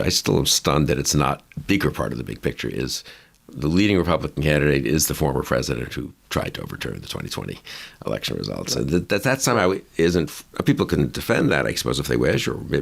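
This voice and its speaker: Male interview host, very low and gravelly, rambling and musing in casual conversation. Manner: musing, rambling, with restarts and asides.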